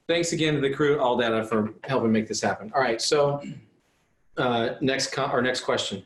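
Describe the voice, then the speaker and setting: A man's voice: medium pitch, brisk, reverberant, far from the mic, slight background noise, low-quality recording. A man coaching auto repair shop owners on a live online call. He talks in a fiery, blunt, motivational way with some mild swearing.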